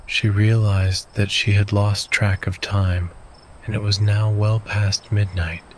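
Deep voiced guy doing a sleep story, real slow and calm, crickets faint in back. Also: a little hiss or hum, rough recording. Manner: calm, soothing. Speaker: narrator. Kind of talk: soothing sleep story narration. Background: faint crickets and insects.

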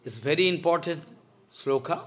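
Animated high-voiced male preacher. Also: moderate pace. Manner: emphatic, repeats phrases, broken English. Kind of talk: sermon.

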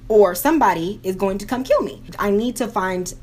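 A woman's voice: medium pitch, lively intonation, normal speed, a little mellow. A young woman vlogging at home while doing her makeup, telling a story with lots of drama, slang and quoted voices, recorded on a camera mic. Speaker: beauty vlogger.

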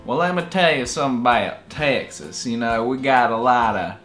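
A man's voice: mid-range voice, animated, normal speed, fairly bright tone, faint music behind, voice pushed down, close to an everyday voice. A man voicing a folksy Texan cowboy with a drawl.

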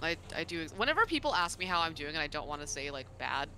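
Gravelly player, swooping pitch, wry humor, faint background noise. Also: sing-song, quick pace, sharp tone. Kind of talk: casual chat while gaming.

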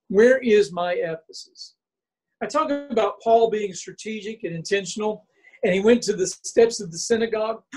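A man preaching a sermon as a bishop, building his points through chains of repeated rhetorical questions and slow, stressed phrases. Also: sits high, a little mellow, slightly rough, low-quality recording. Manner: emphatic pulpit delivery with slow stressed phrases.

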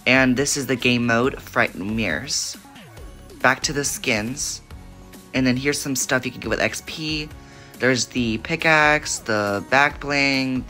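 A gaming video creator giving casual, excitable gameplay commentary, jumpy and prone to repeating panicked exclamations. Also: mid-range voice.

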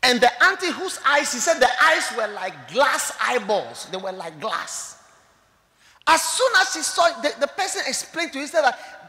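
A male pastor with a Ghanaian English accent preaching a sermon to a church congregation. He swings dramatically between hushed tones and shouts. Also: extremely high pitch, very animated, moderate pace. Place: church service hall.

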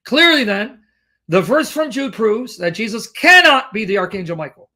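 High-voiced man arguing from scripture. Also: sing-song, normal speed, sharp tone. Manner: emphatic, argumentative, fond of rhetorical questions. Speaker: Christian apologetics video host. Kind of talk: reading scripture verses with pointed commentary.

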